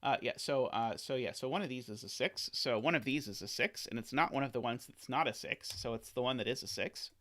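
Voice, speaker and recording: A man's voice: mid-range voice, fairly quick, few pauses, a bit bright. A man solving a sudoku live on stream, thinking aloud, often correcting himself and adding playful asides to his viewers.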